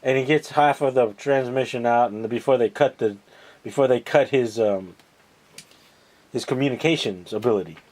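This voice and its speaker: A man recapping TV episodes in a casual, rambling way, sarcastic and mocking, halting over many fillers. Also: mid-range voice, darkish tone. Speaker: podcast host recapping TV episodes.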